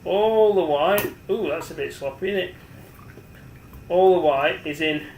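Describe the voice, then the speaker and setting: Brief: man, forties, slightly high voice, rambling home cooking demo, echoey kitchen with a faint hum. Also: a little slow, darkish tone. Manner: rambling, chatty, talks to the camera as he works. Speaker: home cook. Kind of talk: casual cooking demonstration.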